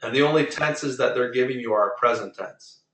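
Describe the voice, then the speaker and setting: Man, language teacher, patient drilling, bright tone, echoey room. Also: mid-range voice. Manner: patient, drills pronunciation slowly. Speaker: Spanish teacher. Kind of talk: online class lesson. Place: online video meeting.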